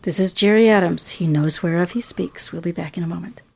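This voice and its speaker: A woman's voice: fairly low pitch, a little fast, creaky, darkish tone, breathy edge. A woman hosting a radio interview show, asking questions in an earnest, gracious way.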